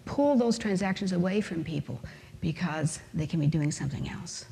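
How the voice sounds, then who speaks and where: A woman's voice: fairly low pitch, animated, moderate pace, creaky, mellow, a little hiss or hum. A woman giving a conference lecture, talking emphatically with rhetorical questions and everyday examples. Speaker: conference speaker. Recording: long hall reverb.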